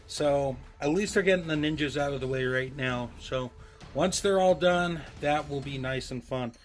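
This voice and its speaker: A man's voice: a little high, normal speed, soft background music. A man giving a casual, rambling review of an action figure to his viewers, with frequent ums and self-deprecating asides. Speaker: toy reviewer.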